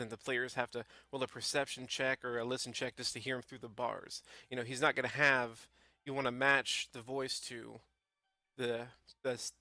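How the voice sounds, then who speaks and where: Bright-voiced man giving casual game tips. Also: medium pitch, dry recording. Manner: loose, rambling delivery with frequent fillers. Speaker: tabletop game YouTuber. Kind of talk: casual tutorial talk.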